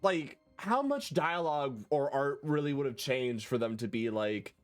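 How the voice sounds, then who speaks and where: A man's voice: medium pitch, expressive, normal speed, faint music behind. A man streaming a video game, chatting casually, swearing and laughing as he talks. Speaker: gaming streamer. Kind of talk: casual let's-play chat.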